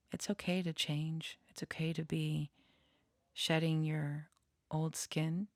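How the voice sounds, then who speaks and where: A woman with a low, gravelly voice talks slowly and softly, sharing a channeled message. She slips into a hushed whisper now and then, musing aloud rather than performing. The sound is dry and close. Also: no echo. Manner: soft, unhurried, reflective, often drops to a whisper. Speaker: channeler and tarot reader. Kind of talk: casual chat with channeled messages.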